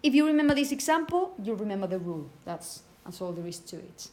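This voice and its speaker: A woman teaching phonetics to a class, repeating example words slowly and checking understanding with frequent "okay?". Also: medium pitch, big pitch swings, darkish tone. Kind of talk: classroom lecture.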